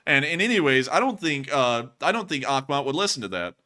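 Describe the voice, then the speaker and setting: Bright-voiced male livestream host. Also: medium pitch, fairly quick. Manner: animated, laughs often, emphatic. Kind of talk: casual livestream news commentary.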